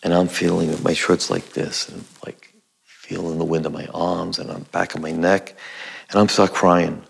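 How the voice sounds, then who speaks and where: Deep gravelly guy, middle-aged acting teacher telling a story casually, kinda husky. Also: little pitch movement, moderate pace. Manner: conversational storyteller, acts out his own past lines. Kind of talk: personal anecdote told to camera.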